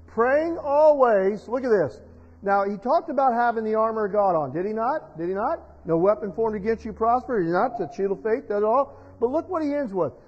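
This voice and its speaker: A man preaching a sermon as pastor, telling stories and building to loud, emotional preaching. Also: high-pitched. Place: church sanctuary. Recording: dull sound in a reverberant church hall.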